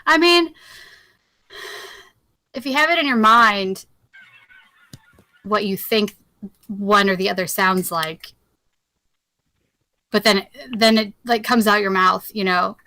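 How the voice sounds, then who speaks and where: A woman's voice: medium pitch, takes it slowly, long pauses, pushed and bright. A woman chatting casually on a group video call, rambling and laughing often.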